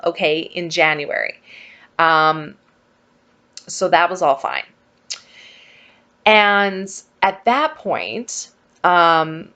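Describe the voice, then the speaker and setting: A woman's voice: on the low side, lo-fi sound. A chatty woman telling a personal story in a casual vlog, acting out the conversations as she goes. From Saskatchewan, Canada. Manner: chatty, animated, acts out quoted dialogue. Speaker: vlogger.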